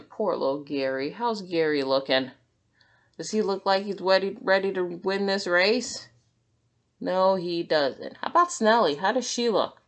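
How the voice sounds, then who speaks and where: A woman teacher reading a picture book aloud to children, stopping to ask them questions. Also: on the low side. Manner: sympathetic, asks questions.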